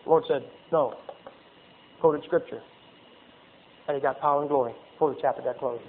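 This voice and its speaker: A man's voice: medium pitch, steady tone, a little fast, a little hiss or hum. A man preaching a folksy sermon, reading scripture and acting out little asides. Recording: tinny phone-like sound.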